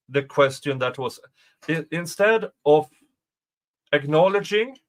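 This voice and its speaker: Man, livestream commentary, reads legal text aloud, rambling, restarts sentences, sarcastic asides, mid pitch. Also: a bit bright, poor audio. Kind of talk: casual livestream commentary reading a court motion.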